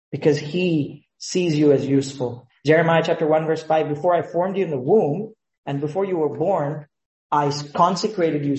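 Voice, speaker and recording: A man's voice: fairly high pitch, darkish tone, reverberant, low-quality recording. A man, a pastor, preaching a sermon with emphatic rhetorical questions.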